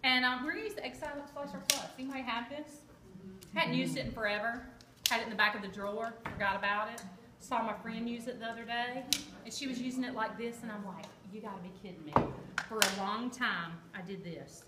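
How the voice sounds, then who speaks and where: A woman's voice: a little high, steady tone, quick pace. A woman giving a chatty, joking live cooking demonstration and quizzing her audience. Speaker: kitchen product demonstrator. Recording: echoey room with background noise.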